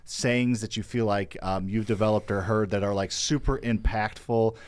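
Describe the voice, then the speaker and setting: A man's voice: lowish voice, steady tone, moderate pace, clear, resonant tone. A man co-hosting a podcast in casual chat, rambling and cutting himself off mid-sentence. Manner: rambling, self-interrupting. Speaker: podcast co-host.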